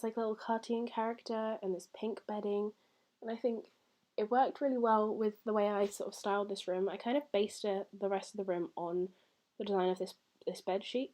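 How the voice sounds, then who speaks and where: Young woman chatting over gameplay, bit breathless, soft mellow tone, lots of um and like. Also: mid-range voice. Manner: chatty, rambling with many fillers. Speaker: gaming YouTuber. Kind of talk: casual voice-over commentary.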